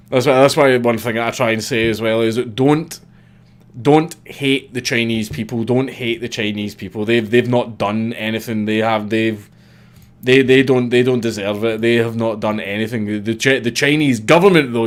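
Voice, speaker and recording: A man's voice: mid-range voice, fairly even intonation, normal speed. A Scottish man in his thirties hosting a casual livestream, reading viewer comments and answering bluntly with swearing and repeated false starts.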